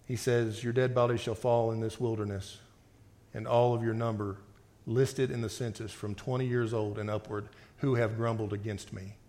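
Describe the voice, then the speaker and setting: A man preaching a sermon and reading scripture aloud, swinging between forceful outbursts and quiet reading. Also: lowish voice, little pitch movement, normal speed. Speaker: pastor.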